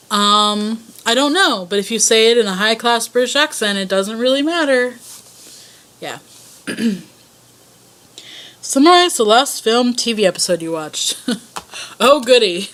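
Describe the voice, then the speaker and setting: A woman's voice: on the high side, a bit bright. A young woman casually answering a voice tag, telling rambling stories in a self-conscious way. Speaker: vlogger.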